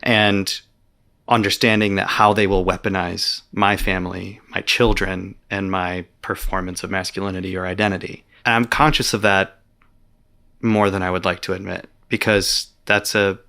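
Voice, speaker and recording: A man's voice: deep voice, little pitch movement, moderate pace, gravelly, pushed and bright. A man, an author being interviewed, talking earnestly and reflectively with some hesitations. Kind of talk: conversational interview.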